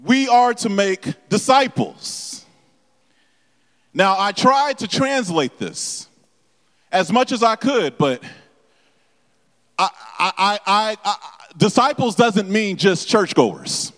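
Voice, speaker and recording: A man's voice: high-pitched, very animated, fairly bright tone. A man preaching a sermon to his congregation, stumbling and repeating words as he explains scripture and asks the room questions. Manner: halting with many repeated words and fillers, addresses the congregation directly. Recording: long echo of a large hall.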